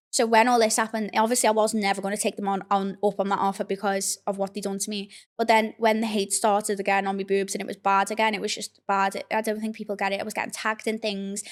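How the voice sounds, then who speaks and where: A young woman, telling a personal story in a candid, blunt way with plenty of swearing and fillers. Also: medium pitch. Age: young adult. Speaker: podcast host. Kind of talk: casual confessional storytelling.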